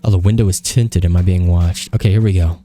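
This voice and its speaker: Young man, game commentary, cursing, deep, dark tone. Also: quick pace. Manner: profane, excitable, talks to the game. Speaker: gaming video host. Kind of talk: casual let's-play commentary.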